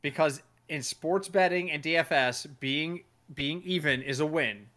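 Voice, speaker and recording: A man hosting a casual sports podcast, talking in an animated way, swearing and acting out what other people said. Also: fairly high pitch, measured pace. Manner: animated, swears, acts out quoted voices. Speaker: podcast host.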